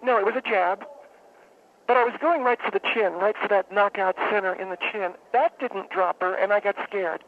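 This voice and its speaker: A woman calling in to a radio show, telling a long story in a halting, rambling, deadpan way. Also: medium pitch. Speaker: radio caller. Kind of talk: phone-in storytelling. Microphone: telephone. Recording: tinny phone line with faint hiss.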